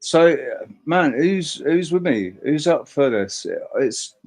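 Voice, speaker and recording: A man's voice: on the high side, lively intonation, takes it slowly. A man hosting a casual livestream chat, talking emphatically in a rambling way and swearing freely. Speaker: host.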